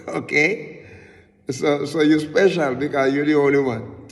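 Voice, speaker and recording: A man teaching a Bible lesson in sermon style, halting and repeating his words often as he explains a word's meaning. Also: mid-range voice, in a large hall.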